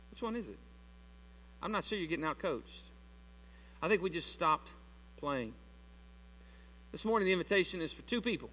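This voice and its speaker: 30s guy preaching to his church, chatty and loose, kinda high bright voice, echoey hall w/ some hum. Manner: conversational preaching with loose grammar, addresses congregation as y'all. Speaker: pastor. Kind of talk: sermon.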